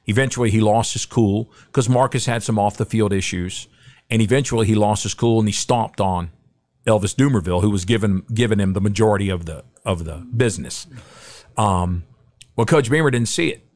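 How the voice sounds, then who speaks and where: A middle-aged man, a podcast guest, telling a story in casual, animated chat and acting out the quotes. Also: lowish voice, brisk.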